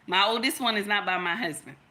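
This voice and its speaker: A woman's voice: mid-range voice, a little fast, pushed and bright. A woman, giving an emphatic, storytelling opinion monologue in which she repeats her points. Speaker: content creator.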